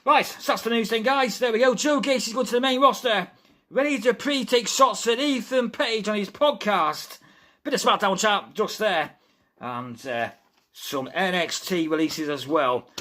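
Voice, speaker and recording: A man hosting a casual live stream of wrestling news, chatty and excitable, talking through a fever from a room at home. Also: sits high, a little slow. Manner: chatty and excitable, addresses viewers as guys.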